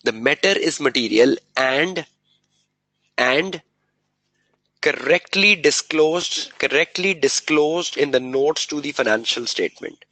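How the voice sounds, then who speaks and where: A male lecturer runs a revision session, firing quick questions at the class and answering them himself. He repeats key terms over and over to drive them home. His voice sounds dry and close, with little room echo. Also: fairly high pitch, lively intonation, bright, forceful tone. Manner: drills students with repeated rhetorical questions; repeats key words and phrases for emphasis.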